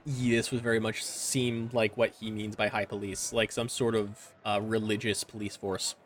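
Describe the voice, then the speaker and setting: Relaxed man narrating as game master. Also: lowish voice, normal speed, slight background noise. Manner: relaxed, descriptive, with filler words. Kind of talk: narrating a tabletop game over a call.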